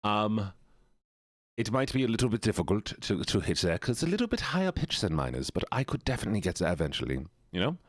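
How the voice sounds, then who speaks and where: A man's voice: fairly low pitch, sing-song, fast talker, dry recording, clean studio sound. A man streaming live, chatting casually and teasingly with his viewers. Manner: playful, teasing, talks straight to chat.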